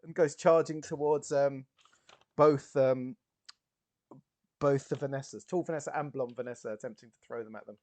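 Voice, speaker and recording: A man's voice: mid-range voice, steady tone, normal speed, pauses often, a little mellow, no room sound. A man playing a tabletop game, describing his character's moves in a playful, laughing manner. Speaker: player.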